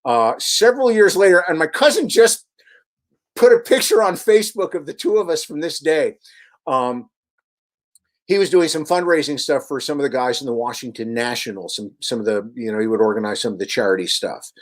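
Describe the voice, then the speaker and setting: A man, a radio host and author, guesting on a radio show and telling long, animated anecdotes with many restarts. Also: medium pitch, fairly quick. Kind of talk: storytelling in a radio interview.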